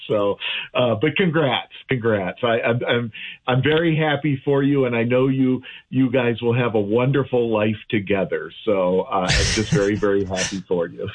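A man calls in to a radio show over a thin, tinny phone line. His voice is a bit husky, and he talks in a chatty, halting way, full of fillers and restarts. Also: medium pitch. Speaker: audiologist guest on radio. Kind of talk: casual radio chat by phone. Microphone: remote call-in line.

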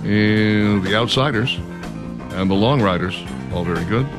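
A man hosting a talk radio show, reading listener picks in a relaxed, drawling way with lots of ums and uhs. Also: lowish voice, normal speed, music in the background. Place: radio studio.

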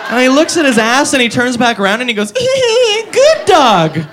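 A man doing a stand-up comedy set on a club stage, profane and mock-outraged. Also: sits high. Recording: live club recording with crowd noise.

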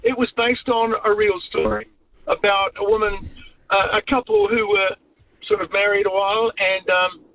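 A man's voice: high voice, expressive, moderate pace. A man calling in to a radio show and talking in an enthusiastic, rambling way, heard over a dull, distant phone line. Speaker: caller. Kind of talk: phone-in chat.

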